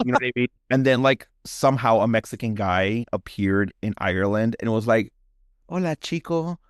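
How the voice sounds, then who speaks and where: A man's voice: fairly low pitch, fairly even intonation, a little fast, clear, resonant tone, no echo, studio quality. A man co-hosting a horror podcast who talks casually with lots of "like" and laughter, and also narrates ghost stories. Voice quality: chatty, lots of "like", laughs often. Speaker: podcast co-host and story narrator. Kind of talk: casual chat and dramatic story narration.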